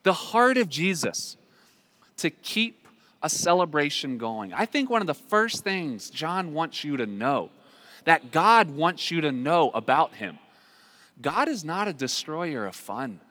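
A man's voice: a little high, very animated, unhurried. A man preaching a sermon as pastor, talking in a conversational way with frequent restarts. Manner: conversational, warm asides with repeated restarts. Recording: long hall reverb.

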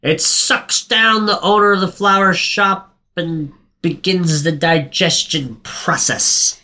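A man casually recapping a film in chat, telling it with energy, swearing and briefly acting out characters in a higher voice, his throat a little sore. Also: slow pace. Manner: animated storyteller, swears, acts out quotes in a high voice. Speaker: podcast co-host recapping a film.

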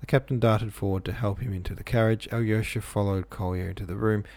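A man's voice: fairly low pitch, fairly even intonation, fast, darkish tone, no room sound. A man reading a novel aloud, breaking off for offhand asides full of "like". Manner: offhand, says "like" a lot. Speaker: reader.

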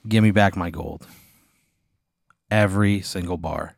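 A man's voice: deep voice, steady tone, a little slow, vocal fry, no echo, voice pushed down. A man putting on a boastful wizard who swaggers through his threats, smug and taunting, in a slightly raised voice. The sound is close and dry. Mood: smug menace. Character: boastful male wizard in a robe, menacing.

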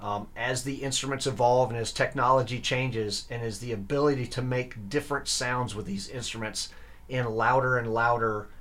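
Guesting on a relaxed interview, a young electric violinist who is also a grad student talks with earnest enthusiasm. His fairly bright voice sits at a medium pitch, and he frequently restarts and leans on fillers.

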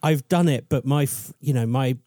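A man's voice: medium pitch, moderate pace, dark tone, no echo, clean studio sound. A man co-hosting a podcast, telling a story in a chatty, rambling, self-deprecating way. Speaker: podcast co-host presenting the story. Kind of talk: casual storytelling chat.

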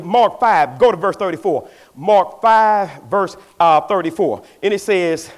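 A pastor with a Southern US Black vernacular accent, preaching a folksy call-and-response sermon that builds to shouts. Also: male voice, high voice.

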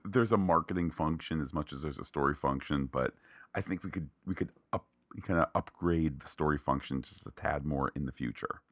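A man co-hosting a podcast, chatting about a film in an opinionated, animated way with playful asides. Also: a bass voice, a little fast, no room sound, clean studio sound. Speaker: podcast co-host. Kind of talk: casual film discussion.

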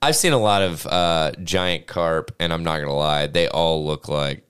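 A man's voice: very deep voice, moderate pace, a bit bright, clear, resonant tone. A man co-hosting a casual podcast, reading out a news story and riffing on it with friends, swearing and laughing often. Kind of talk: casual banter.

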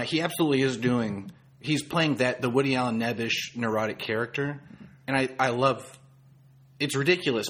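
A man's voice: medium pitch, fairly bright tone, breathy edge. A man co-hosting a podcast, discussing a film in a casual, thoughtful way and reading out critics' reviews. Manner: thoughtful, quotes critics' reviews, frequent restarts. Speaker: podcast co-host.

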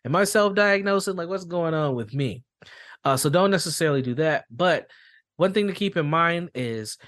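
A man's voice: mid-range voice, a bit bright, no echo, clean studio sound. Man talking through a mental health podcast. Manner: storytelling with acted-out quotes, frequent fillers. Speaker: podcast host and school therapist. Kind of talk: casual explanatory podcast talk.

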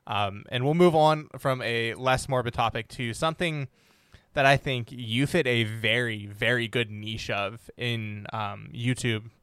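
Young man, podcast host, casual chat, smooth clear voice, dry close sound. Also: medium pitch, a little slow, fairly bright tone, no room sound. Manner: chatty, with frequent ums and restarts.

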